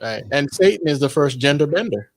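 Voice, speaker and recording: A man with a gravelly, creaky voice hosts a relaxed political chat. He rambles and hesitates, stopping now and then to check something. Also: on the high side, fairly quick.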